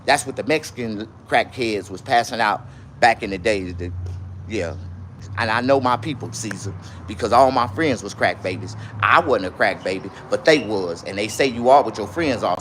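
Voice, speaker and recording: A man's voice: lowish voice, slight background noise. A man rambling through a profane livestream monologue and reading viewer comments. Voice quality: profane, rambling, swings to loud outbursts.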